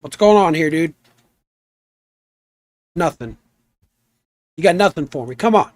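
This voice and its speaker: A young man chatting in a relaxed, rambling way while streaming a game, trailing off into asides. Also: a little high, a little slow, dry recording. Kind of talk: relaxed live stream chat.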